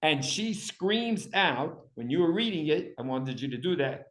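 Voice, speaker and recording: A man leading a Bible study class, reading Hebrew aloud and acting out the text's dramatic cries with animated emphasis. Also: a little high, a little slow, roomy sound. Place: room with a small class.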